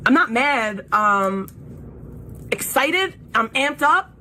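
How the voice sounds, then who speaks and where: Brash livestream host from New York City, a woman who gets loud and profane, with light noise behind her. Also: high voice, slow. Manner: loud, profane, animated, yells when flaming people. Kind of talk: heated livestream argument.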